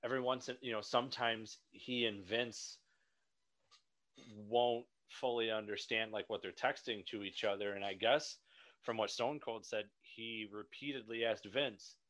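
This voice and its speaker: A man interviewing a guest in a casual, halting conversational way. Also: on the low side, fairly even intonation, fairly bright tone.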